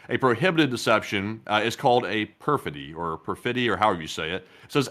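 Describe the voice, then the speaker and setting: A man co-hosting a casual news talk show, measured and hesitant, often pausing on "uh". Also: medium pitch, a bit bright. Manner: hesitant, many "uh" fillers, measured. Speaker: co-host.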